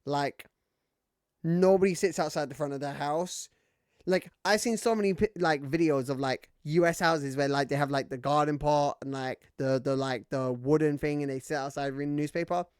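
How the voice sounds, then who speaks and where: A male streamer chats casually while he plays, rambling through fillers and frequent swearing. His voice sits a little high, and the recording is dry and close. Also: fairly even intonation, moderate pace, clean tone, dry recording. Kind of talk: casual gaming stream chat.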